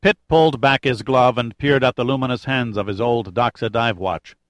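Steady male audiobook narrator, dry sound. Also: medium pitch, no room sound. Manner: steady, measured, lightly dramatic. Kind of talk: scripted narration.

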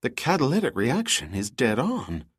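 A man's voice: medium pitch, huge pitch swings, normal speed, breathy edge, no echo. A man voicing a wry, cautious lab scientist. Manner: dry, skeptical, urging caution.

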